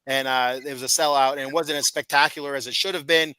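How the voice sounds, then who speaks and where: A man's voice: medium pitch, steady tone, fast talker, bright, forceful tone, smooth, dry recording, low-quality recording. A man hosting a wrestling podcast, talking casually and explaining at length with stammering restarts. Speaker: podcast host.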